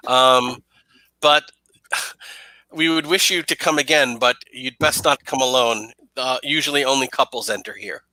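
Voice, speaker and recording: A man voicing a polite, calm young temple keeper in a mask. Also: medium pitch, unhurried, no echo, poor audio.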